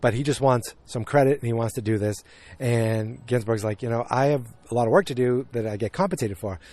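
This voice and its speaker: A man's voice: mid-range voice, brisk, a little mellow. A man hosting a podcast, casually recapping a TV episode and rambling with many fillers and restarts. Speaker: podcast host.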